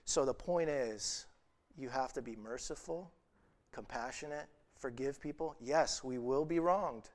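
A man's voice: medium pitch, a little slow. A young man preaching a sermon earnestly, retelling a parable and acting out the pleading voices of its characters.

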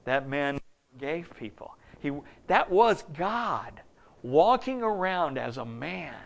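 A man in his fifties preaching a folksy, story-filled sermon, dropping to a hush and then rising loud and high. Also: big pitch swings, takes it slowly, vocal fry. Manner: folksy, storytelling, swings between hushed and loud.

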